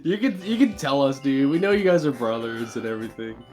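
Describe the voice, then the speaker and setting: A man's voice: medium pitch, animated, brisk, darkish tone, soft background music. A man bantering on a live speedrun race stream, joking and teasing the others casually. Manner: joking and teasing, laughs often. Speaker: race co-host.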